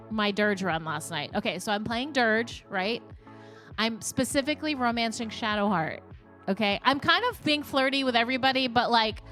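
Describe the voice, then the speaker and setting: A woman's voice: a little high, fairly bright tone. A young woman streamer chatting casually with her live viewers, rambling and laughing often.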